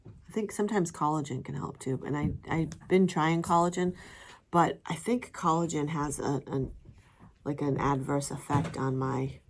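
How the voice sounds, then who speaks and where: A woman's voice: sits low, moderate pace, a little hiss or hum. A middle-aged woman chatting casually to camera as a vlogger, rambling with fillers and laughing often.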